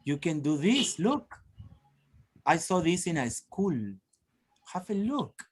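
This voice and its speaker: With a slightly high, breathy voice, a man from Peru takes it slowly and sounds very animated as he runs a teacher-training webinar by video call. He encourages participants warmly, laughing and prompting often in a lively workshop style.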